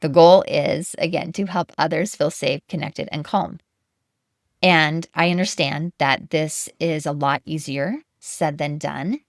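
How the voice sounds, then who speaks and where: A woman hosting a podcast, talking through an idea in a calm, gentle, deliberate monologue. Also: low-pitched, no room sound, studio quality. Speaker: podcast host.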